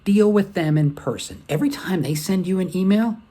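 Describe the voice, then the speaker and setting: A man voicing a seasoned older woman, an executive assistant who gives blunt, brisk, matter-of-fact advice. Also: high-pitched, dark tone, pitched above the performer's own voice.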